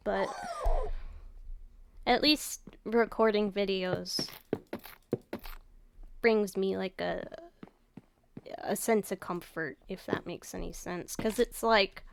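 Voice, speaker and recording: A woman's voice: fairly even intonation, takes it slowly, vocal fry, pauses often, noisy background. Woman with a raw, tired voice. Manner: rambling, low-key, swears casually, trails off. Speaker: gaming YouTuber. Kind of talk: casual rambling commentary over gameplay.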